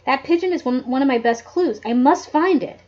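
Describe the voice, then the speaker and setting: A woman playing a crisp, bossy girl detective. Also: high-pitched, fairly quick, darkish tone, lightly acted. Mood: commanding. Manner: crisp and commanding. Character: brisk, determined young woman detective. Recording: dull lo-fi home recording.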